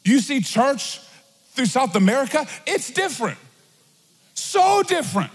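High, husky-voiced man preaching in a hall. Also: a little slow. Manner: animated, joking, conversational preaching. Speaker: pastor. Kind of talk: sermon. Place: large church hall. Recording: long church hall reverb.

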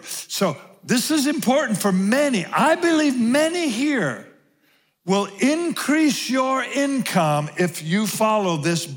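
A man preaching a sermon to a gathered congregation. He repeats key phrases slowly for emphasis. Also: high voice, big-room sound. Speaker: pastor. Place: large room with audience.

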